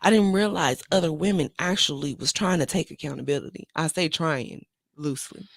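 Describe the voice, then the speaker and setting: Animated middle-aged woman hosting a chat. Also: deep voice, fairly quick, gravelly, no room sound. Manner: animated, drawling, talks straight to viewers. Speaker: open mic host. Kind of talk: casual chat.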